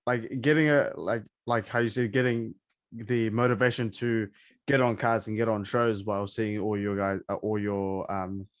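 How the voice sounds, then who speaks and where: A male host asking halting questions in a casual interview, with many fillers and restarts. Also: lowish voice, steady tone, dry recording. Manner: slow, halting questions, lots of backchannel and laughs.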